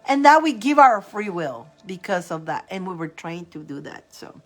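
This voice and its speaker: A woman's voice: on the low side, sing-song, normal speed, soft background music. Chatty woman from Italy, laughing often. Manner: chatty, laughs often, greets viewers by name. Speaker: tarot reader hosting a live stream. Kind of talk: casual live-stream chat.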